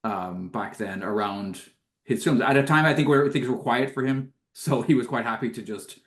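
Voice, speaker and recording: A man's voice: medium pitch, normal speed, a bit bright. A man co-hosting a podcast, talking about films in an amused, enthusiastic way. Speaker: podcast co-host and film writer. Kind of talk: casual chat.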